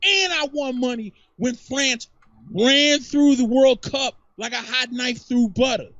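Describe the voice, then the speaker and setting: High-voiced man ranting boastfully. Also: unhurried, fairly bright tone, no echo. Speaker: podcast co-host. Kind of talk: casual podcast chat. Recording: dull lo-fi dry mic.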